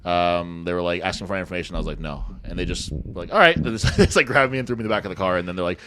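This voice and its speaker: A man's voice: deep voice, racing, fairly bright tone. A man co-hosting a podcast, telling stories in casual chat, swearing freely and acting out the people he quotes. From Canada. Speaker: podcast co-host.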